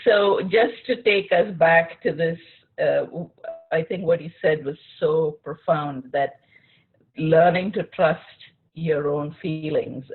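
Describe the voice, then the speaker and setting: A woman's voice: low-pitched, slightly rough. A woman interviewer speaking thoughtfully and searchingly, often restarting her phrases. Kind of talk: reflective conversation. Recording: tinny phone-like line.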